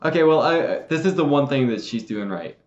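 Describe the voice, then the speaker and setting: A man's voice: fairly high pitch, animated, brisk, echoey room, highs cut off. A man co-hosting a casual podcast who teases his partner with dry one-liners. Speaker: podcast co-host.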